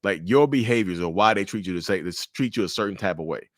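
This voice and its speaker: Animated man with a dry, close sound. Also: deep voice, fast talker, dry recording. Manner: animated, blunt, repetitive. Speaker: relationship commentator. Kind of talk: casual commentary to camera.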